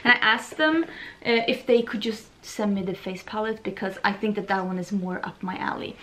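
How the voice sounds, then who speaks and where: A young woman from Sweden chatting excitedly as she unboxes beauty products for her vlog, gushing and chatty. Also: mid-range voice, normal speed. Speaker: beauty vlogger.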